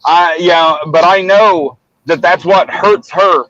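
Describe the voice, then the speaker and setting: A man's voice: high voice, fairly even intonation, slow, fairly bright tone, dry recording. A man in casual livestream chat, talking bluntly and profanely, rambling with many restarts. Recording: muffled dry lo-fi audio.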